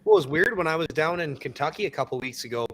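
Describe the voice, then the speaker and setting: A Canadian man hosting a livestream, casually telling quick stories and acting out what people said. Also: a little high, sing-song, fairly bright tone. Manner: fast storytelling, swears, acts out quotes. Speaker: livestream host.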